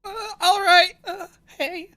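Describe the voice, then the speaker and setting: A stammering, timid young servant, shrill. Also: male voice, fairly even intonation, takes it slowly, bright, forceful tone, heavily acted. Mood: anxious. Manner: stammering and eager to please. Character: timid, pathetic young male cultist servant.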